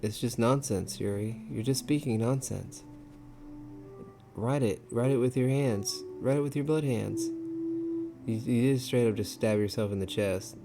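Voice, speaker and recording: A man's voice: mid-range voice, measured pace, vocal fry, over music. A man commentating a game he plays, reacting with exasperated swearing. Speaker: gamer. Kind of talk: let's play commentary.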